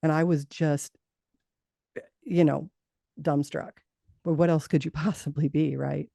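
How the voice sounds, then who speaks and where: Gravelly-voiced woman telling her story. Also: low-pitched, fairly even intonation, unhurried, dark tone, dry recording, clean studio sound. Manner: earnest, laughing, many restarts. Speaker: guest. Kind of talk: personal storytelling in an interview.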